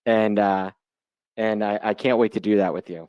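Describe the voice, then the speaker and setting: A man's voice: fairly low pitch, steady tone, normal speed, darkish tone, smooth, no room sound, muffled recording. A man in his forties from Chicago, giving a loose, joking live webinar talk as an options trader over a video call mic. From Chicago, United States. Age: 40s. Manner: chatty and joking, loose unscripted delivery. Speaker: guest presenter, options trader.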